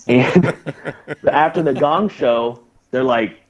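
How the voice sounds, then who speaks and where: A man's voice: medium pitch, extremely slow, breathy edge. A man in his thirties, a former Navy corpsman, telling a profane story animatedly as a guest on a casual podcast. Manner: profane, animated anecdote telling with put-on quotes.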